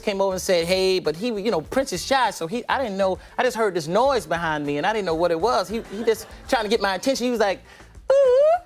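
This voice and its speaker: A man from Georgia, telling comic stories as a talk show guest and jumping into high squeaky voices for the people he quotes. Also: lively intonation, fast, few pauses, background noise. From Decatur, Georgia. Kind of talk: animated comic storytelling.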